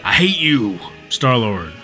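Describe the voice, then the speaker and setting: A man reads a scripted comedy roast in a dry, sarcastic, deadpan manner. His voice sits at a middle pitch. Quiet music plays faintly behind him. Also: slow. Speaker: gaming video creator.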